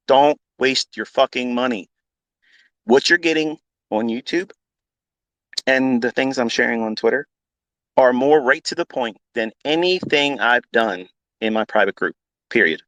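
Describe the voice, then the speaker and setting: A man's voice: medium pitch, lively intonation, unhurried, long pauses, a bit bright, no room sound, poor audio. A man talking off the cuff as a trading educator, blunt and combative, swearing freely and repeating himself for emphasis. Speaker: trading educator on a live audio space. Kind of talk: unscripted profane rant.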